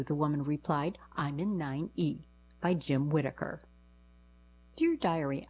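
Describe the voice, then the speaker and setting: A woman's voice: low-pitched, a little mellow, breathy edge, rough recording. A woman reading short first-person anecdotes aloud, giving quoted lines a lift in her voice.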